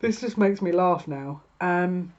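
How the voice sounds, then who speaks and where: A woman's voice: on the low side, slow, a little mellow, highs cut off. Chatty woman reading tarot. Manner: chatty, exasperated, laughing asides. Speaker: tarot reader.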